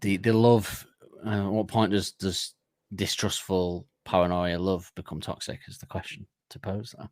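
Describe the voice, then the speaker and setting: A man's voice: deep voice, level tone, normal speed, a little mellow, no room sound, clean studio sound. A man co-hosting a casual music podcast, rambling through his thoughts with plenty of laughs and restarts. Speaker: podcast co-host. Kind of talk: casual chat.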